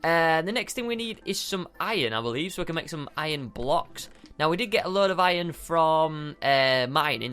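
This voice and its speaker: A man's voice: fairly high pitch, a bit bright. A young man giving bubbly, chatty gameplay commentary as a video game host, often giggling and using fillers.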